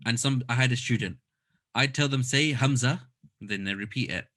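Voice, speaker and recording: A man's voice: medium pitch, moderate pace, bright, forceful tone. Patient male teacher demonstrating sounds. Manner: patient, explains step by step and demonstrates sounds aloud. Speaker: Quran recitation teacher. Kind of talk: online class teaching.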